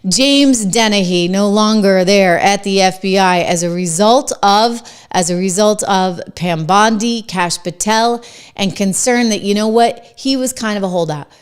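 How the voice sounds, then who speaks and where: Her voice is medium-pitched and clean in tone as this middle-aged woman, a host with a New Hampshire accent, offers political commentary to camera. She's emphatic and conversational, breaking off for quick asides.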